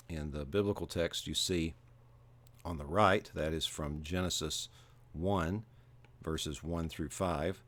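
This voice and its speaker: A man teaching a livestream lecture, explaining step by step in a measured way with frequent filler pauses. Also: sits low.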